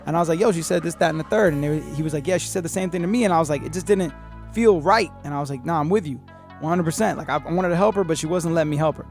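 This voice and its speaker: Man, podcast host, casual rambling story, lots of cursing, slightly high pitch. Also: rapid-fire, gravelly, soft background music. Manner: profane, rambling, animated retelling with acted-out quotes.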